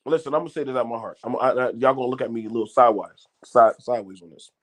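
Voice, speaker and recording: Rapid-fire and mid-range in pitch, a middle-aged channel host delivers unscripted commentary directly to his viewers. He's blunt and curses, frequently repeating words and restarting what he's saying.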